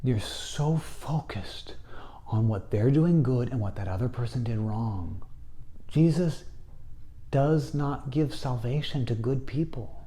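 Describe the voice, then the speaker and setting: A man's voice: mid-range voice, animated, takes it slowly, dark tone. A man teaching a video Bible lesson, urging his listeners in an earnest way and acting out people's inner thoughts. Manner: urgent, exhorting, acts out people's inner thoughts.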